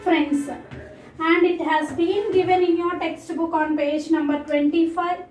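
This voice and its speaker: A schoolteacher with an Indian accent talks a class of children through a lesson, high in pitch and unhurried. She keeps repeating words and stops often to call the class "children." Her voice is recorded from a distance in an echoey room, with faint noise underneath. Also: fairly even intonation, a little mellow. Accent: Indian English. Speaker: school teacher. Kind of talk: online English lesson.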